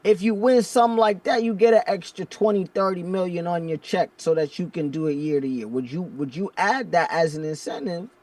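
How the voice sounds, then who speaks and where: A man with a fairly high voice talks animatedly on a sports podcast, pushing his energy up as he makes a point. He sounds a little distant from the microphone. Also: fairly quick, hardly any pauses. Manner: animated, rising into hype. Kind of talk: casual chat.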